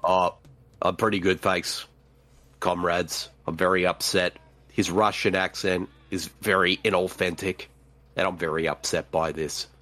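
A man's voice: low-pitched, level tone, a little slow, pushed and bright, pitched below the performer's own voice. A man voicing a grumpy Russian-Australian father figure who calls everyone comrade, as a comedic podcast character bit.

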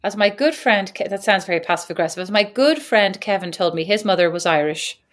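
A woman co-hosting a conversational podcast, bantering and telling everyday stories with a playful, teasing edge. Her voice sits at a middle pitch, relaxed and chatty. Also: brisk. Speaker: podcast co-host. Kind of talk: casual chat.

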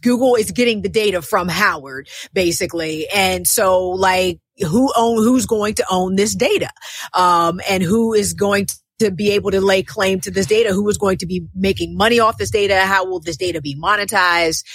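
A woman co-hosting a tech podcast, animated and emphatic, piling up questions. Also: mid-range voice, moderate pace, husky, no room sound. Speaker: podcast co-host. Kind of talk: casual tech discussion.

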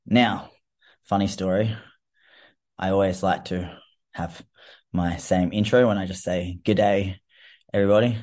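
A man's voice: on the low side, a little mellow. An Australian man hosting his own fitness coaching podcast, talking in a chatty, rambling, informal way. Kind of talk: casual solo podcast talk.

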